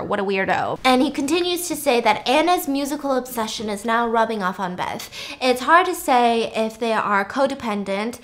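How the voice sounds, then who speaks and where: A young woman hosting a casual movie recap, chatty and animated, swearing freely and saying "like" a lot. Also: fairly high pitch. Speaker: YouTuber host.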